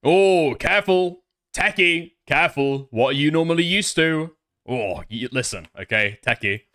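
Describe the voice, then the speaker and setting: A fairly high-voiced man delivers mocking commentary over a clip. His tone is sardonic and crude, with a dry, teasing edge. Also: animated, a little slow, sharp tone. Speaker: commentary host.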